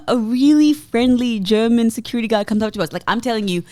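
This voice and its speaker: A woman's voice: on the high side, a little fast, dry recording. An Australian woman, a podcast co-host, telling a story in casual chat, acting out the people in it. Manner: animated storytelling with acted-out quotes. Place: podcast studio.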